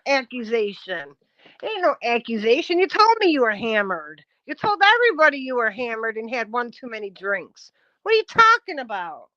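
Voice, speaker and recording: New woman going off on her live chat, high voice, swears a lot, kinda dull lo-fi sound. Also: very animated, moderate pace, sharp tone, no room sound. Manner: confrontational, blunt, swears often. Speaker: live streamer. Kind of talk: heated live-stream rant.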